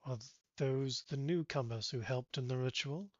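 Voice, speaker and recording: A man voicing a wrathful undead male knight who speaks low, quiet and threatening. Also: normal speed, dry recording, dull audio, natural voice. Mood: stern, incredulous.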